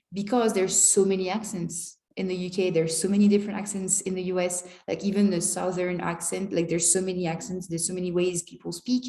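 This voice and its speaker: A woman's voice: medium pitch, warm tone. Chatty French-accented woman, echoey room. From France. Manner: rambling, chatty, many fillers like "you know" and "like". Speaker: language teacher and vlogger. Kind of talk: casual vlog monologue. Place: hostel in Mexico.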